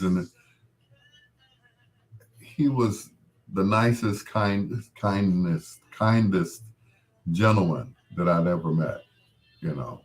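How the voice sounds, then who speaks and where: A middle-aged man hosting a casual talk show, gently consoling a grieving listener in a meandering way with frequent restarts. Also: sits low, slow, pauses often. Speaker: host.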